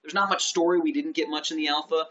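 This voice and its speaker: Male gaming co-host, bright tense voice, excited plugging, lo-fi. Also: quick pace. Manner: excited, pitching the channel, stumbling restarts. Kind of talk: casual game news chat. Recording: dull lo-fi sound.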